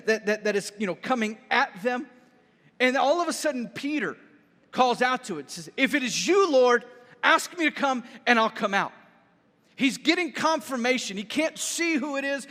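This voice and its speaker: High-voiced pastor in an echoing hall. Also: male voice. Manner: lively storytelling, repeats words, asks "right?". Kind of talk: sermon. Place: church sanctuary. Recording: reverberant church hall.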